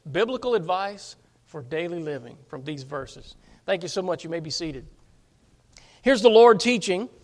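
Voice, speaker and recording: A man preaching a sermon as pastor, emphatic, often asking his congregation rhetorical questions. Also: high-pitched.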